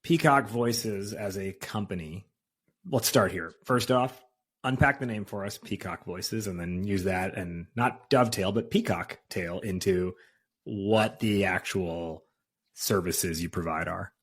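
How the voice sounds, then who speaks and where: Husky low-voiced male podcast host. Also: a little slow. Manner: casual, restarts phrases while asking questions. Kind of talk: conversational interview.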